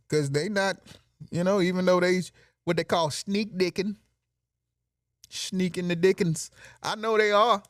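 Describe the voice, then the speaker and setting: A man's voice: high voice, fairly even intonation, a little slow, no room sound, studio quality. A man hosting a podcast, delivering a brash, joking monologue in with lots of laughing asides. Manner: brash, joking, laughs at his own bits. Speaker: podcast host. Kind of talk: casual comedic monologue.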